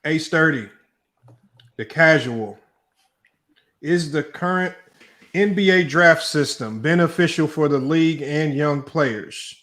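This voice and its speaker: A man hosting a debate stream, casually reading out matchups and topics and talking in relaxed slang. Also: fairly high pitch, slow pace, long pauses. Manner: relaxed, slangy, thinks aloud. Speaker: debate show host. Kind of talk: casual livestream chat, reading out a list.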